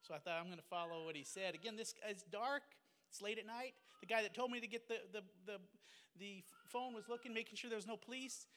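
A man's voice: sits high, a little fast, fairly bright tone, big-room sound. A man, a pastor and missionary, earnestly telling a personal testimony in a fervent, emotional way. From United States.

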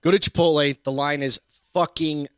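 A middle-aged man co-hosting a casual talk show, telling stories with lots of swearing and animated quoting. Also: fairly high pitch, normal speed, clean tone, no room sound, studio quality. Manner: profane, animated storytelling. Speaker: podcast co-host. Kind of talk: casual chat.

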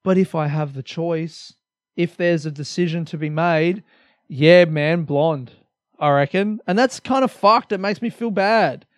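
A man's voice: a little high, unhurried, no room sound, clean studio sound. A young Australian man hosting a solo comedy podcast, rambling energetically with lots of swearing and self-mockery.

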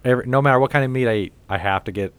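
A man's voice: medium pitch, very fast, fairly bright tone, smooth, dry recording. A man in a casual chat, telling a long story with plenty of swearing and restarts. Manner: profane, rambling storyteller who acts out the people he quotes.

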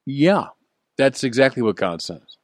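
A man preaching a sermon at an unhurried, deliberate pace. His delivery is earnest and emphatic, and he lifts his voice to drive points home. The recording is close and dry. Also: mid-range voice, sing-song, no echo. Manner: earnest, emphatic, with rising emphasis and soft chuckles.

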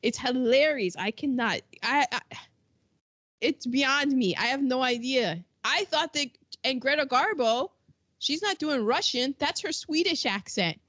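A woman's voice: sits high, expressive, measured pace, fairly bright tone, breathy edge, no echo. A woman co-hosting a casual chat, talking in a chatty, rambling way with frequent restarts. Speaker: podcast co-host. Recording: dull lo-fi recording.

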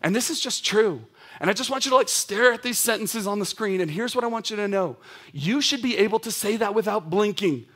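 Young adults pastor in his thirties, male, higher-pitched voice; casual, animated sermon delivery. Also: fairly quick, husky. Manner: conversational, animated storyteller with casual asides.

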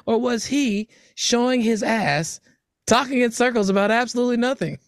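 A man's voice: extremely high pitch, moderate pace, clean tone, no echo, studio quality. A man co-hosting a podcast, bantering loosely with profanity and frequent laughter. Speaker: podcast co-host. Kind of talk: casual chat.

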